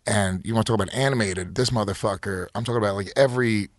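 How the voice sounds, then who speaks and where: A man's voice: on the low side, fast talker, dry recording, clean studio sound. A man from New York, a comedian, talking casually on a podcast, brash and full of swearing.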